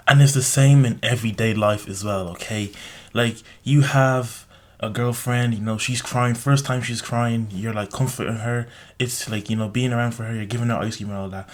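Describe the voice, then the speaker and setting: A man's voice: mid-range voice, steady tone, moderate pace. A young man giving a blunt, rambling opinion monologue in a casual vlog, constantly saying "like" and tagging on "okay?". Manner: rambling, heavy use of "like" and tag "okay?"; blunt, lecturing. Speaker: vlogger.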